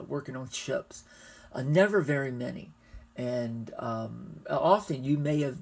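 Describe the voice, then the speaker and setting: A man's voice: mid-range voice, creaky, slightly rough. A man giving a conversational history lecture in a loose, chatty, explanatory way.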